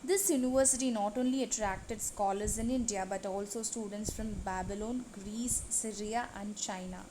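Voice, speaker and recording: A woman gives a lesson over slides, working through long lists in a steady, measured way. Her voice sits at a middle pitch. A faint hiss of noise runs under the recording. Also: rough recording. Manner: steady, list-reading delivery. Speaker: teacher.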